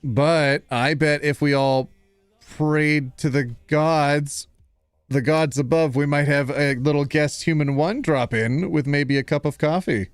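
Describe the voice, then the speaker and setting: A man's voice: on the high side, steady tone, unhurried, clean tone, no echo, soft background music. A male streamer chatting casually with his viewers and reading posts aloud in a playful, laughing manner.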